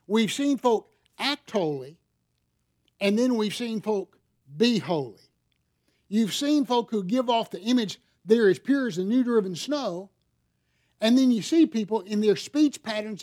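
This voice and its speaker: High-voiced man preaching a sermon. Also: warm tone. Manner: conversational preaching with rhetorical questions. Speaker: pastor.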